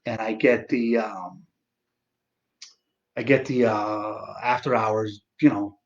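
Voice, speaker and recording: A man's voice: on the low side, steady tone, slow pace, muffled recording. A man in his forties hosting a live stream, telling a story in a rambling, profane way full of restarts and asides. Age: 40s.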